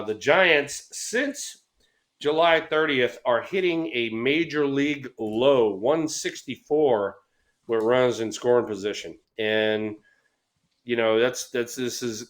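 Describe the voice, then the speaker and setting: A man's voice: medium pitch, unhurried. A middle-aged man co-hosting a casual baseball talk show, telling stories with acted-out voices and plenty of swearing. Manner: animated storyteller, acts out voices, swears freely. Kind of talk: casual storytelling chat.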